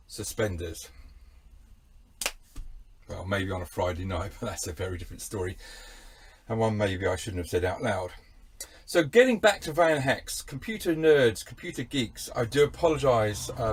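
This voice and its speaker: A man's voice: mid-range voice, a bit bright, husky. A middle-aged Englishman with an English accent, hosting a campervan channel in a wry, self-mocking, rambling monologue. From England.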